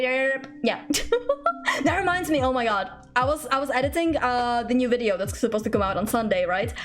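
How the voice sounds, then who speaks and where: A young woman streaming from home, chatting casually and playfully, giggling often, rambling and thanking viewers for gifts. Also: fairly high pitch. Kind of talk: casual live-stream chat. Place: home room.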